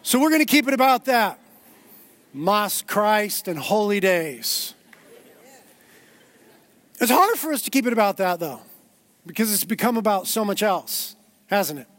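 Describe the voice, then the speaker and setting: High-voiced pastor preaching a sermon. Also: male voice, a little fast, dry recording. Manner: earnest, building to emphatic preaching.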